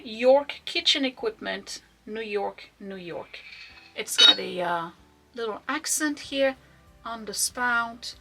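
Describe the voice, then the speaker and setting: A woman running an online vintage shop, chatting casually and enthusiastically as she shows items, sometimes dropping to soft asides. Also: mid-range voice. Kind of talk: casual product showcase.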